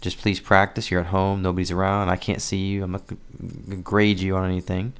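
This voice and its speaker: A man teaching Spanish in a relaxed, casual lesson, explaining sounds and slowly modeling words for the listener to repeat. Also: deep voice, smooth. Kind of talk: casual spoken language lesson.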